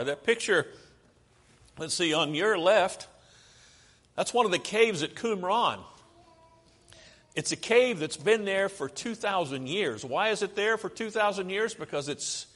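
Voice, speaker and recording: The voice is a man's, a little high and fairly bright. As an American preacher, he goes through slides and poses questions to the audience in a conversational manner, with long hall reverb on the audio.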